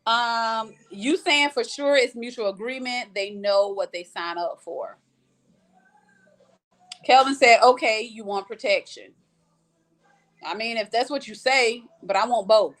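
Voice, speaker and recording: Livestream host, woman, a bit high-pitched, blunt, swears freely, lively casual chat. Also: measured pace, pauses often. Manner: blunt, profane and animated, reading out comments. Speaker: livestream host reading viewer comments.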